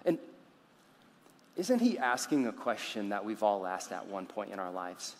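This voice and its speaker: Preacher with a ringing hall echo. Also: male voice, lowish voice, very animated, a little slow, long pauses. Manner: dramatic storyteller who acts out the characters. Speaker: pastor. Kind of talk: sermon.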